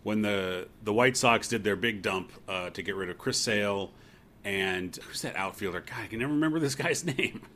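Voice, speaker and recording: A man co-hosting a casual sports podcast, talking in an animated, joking, opinionated way. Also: fairly low pitch, normal speed, slight background noise. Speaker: podcast co-host.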